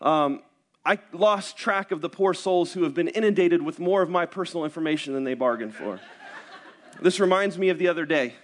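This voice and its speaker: A man's voice: a little high, brisk, a bit bright. A young adult man, a pastor, giving a sermon that opens with prayer and moves into self-deprecating personal stories and rhetorical questions.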